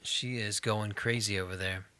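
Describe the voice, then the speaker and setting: A man's voice: lowish voice, steady tone, moderate pace, pushed and bright, a little hiss or hum. A man hosting a Let's Play, giving upbeat, chatty gameplay commentary and talking directly to viewers.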